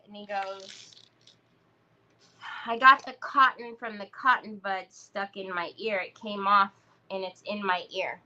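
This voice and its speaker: Chatting to viewers while she crafts live, a middle-aged woman tells stories in a medium-pitched voice that's bright and forceful. The audio is lo-fi.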